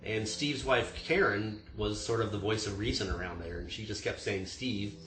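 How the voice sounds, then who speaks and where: Brief: easygoing, joking tasting-room manager chatting on a stream from a roomy, slightly noisy space. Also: male voice, lowish voice, fairly even intonation, normal speed, a bit bright. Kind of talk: casual livestream chat. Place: home room. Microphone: video stream mic.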